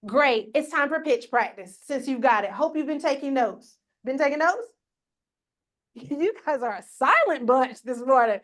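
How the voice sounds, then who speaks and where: A woman with a somewhat high voice leads a live workshop, speaking straight to the people in the room. Her manner is upbeat and coaching, with an encouraging push behind it. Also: lively intonation, normal speed. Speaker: workshop presenter. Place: conference room with a live audience. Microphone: on a mic, recorded for a hybrid audience.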